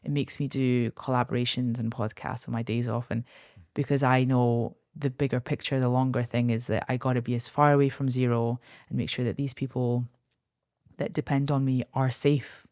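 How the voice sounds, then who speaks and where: A woman's voice: extremely low pitch, flat delivery, normal speed, darkish tone, dry recording, clean studio sound. A woman, guest on a podcast, telling personal stories candidly and acting out the voices of others. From Kurdistan, north of Iraq. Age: 30s. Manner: candid, emotional storytelling with acted-out quotes. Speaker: guest, aesthetics doctor. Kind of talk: podcast interview.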